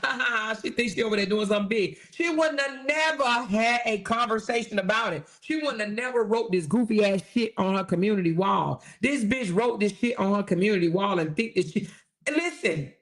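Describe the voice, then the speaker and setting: A woman's voice: fairly high pitch, lively intonation, normal speed. A woman hosting her own channel, talking in a casual rant that is blunt, profane and mocking and repeats phrases for emphasis. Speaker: channel host.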